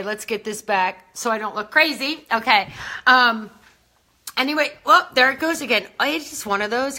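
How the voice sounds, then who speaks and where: Woman, slightly breathless, greeting fans live in a high, bright voice. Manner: chatty, greets viewers by name. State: a little out of breath. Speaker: beauty brand host. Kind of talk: casual livestream chat.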